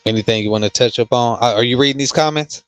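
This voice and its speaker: A man who hosts a casual livestream and reads comments, talking slowly with many fillers and restarts. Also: mid-range voice, slight background noise. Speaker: host.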